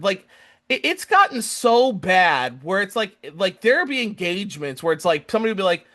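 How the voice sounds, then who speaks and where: Young guy on a podcast going off on a rant, bit high voice, acts out what people say. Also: normal speed. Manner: animated, acts out other people's lines in quoted voices. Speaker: podcast co-host.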